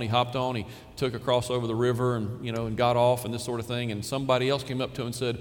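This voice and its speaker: A man's voice: mid-range voice, level tone, fast, few pauses. A male pastor delivers a sermon from a large sanctuary, his voice trailing into a long hall reverb over a faint hum of room noise. He talks to the congregation in a casual, emphatic way, repeating key phrases for stress.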